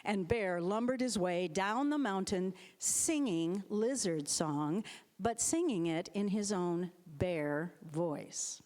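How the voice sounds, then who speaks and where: Animated female storyteller for children, in a reverberant sanctuary. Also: medium pitch, takes it slowly. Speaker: storyteller, board president. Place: church sanctuary. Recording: long hall reverb.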